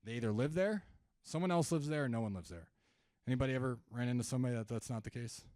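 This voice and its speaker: A man's voice: mid-range voice, fast, warm tone, dry recording, clean studio sound. Conversational man coaching a live audience. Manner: conversational, asks the audience questions, acts out seller calls. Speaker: sales trainer speaking at an event. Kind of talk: live seminar talk.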